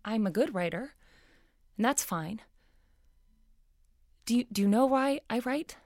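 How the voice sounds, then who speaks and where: A woman's voice: a little high, lively intonation, a little slow, a little mellow, no room sound, studio quality. An actress playing a wealthy, self-aware woman writer in an audio drama, earnest and self-deprecating.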